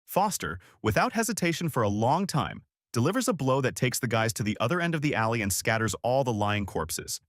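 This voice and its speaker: A man narrating a comic story recap in a steady, scripted present-tense summary. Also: medium pitch, brisk, no room sound, clean studio sound.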